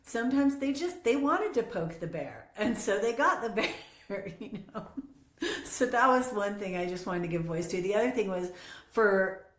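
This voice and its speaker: A woman's voice: mid-range voice, animated. A middle-aged woman in a candid conversation, talking reflectively with many restarts and frequent laughter. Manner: reflective, halting, laughs often. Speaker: roundtable guest. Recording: roomy echo.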